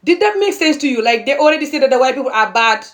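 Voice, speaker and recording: A woman's voice: high voice, lively intonation, quick pace. A young adult woman from Gambia giving heated, indignant social commentary to camera, pressing each point with a repeated "okay?". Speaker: video creator.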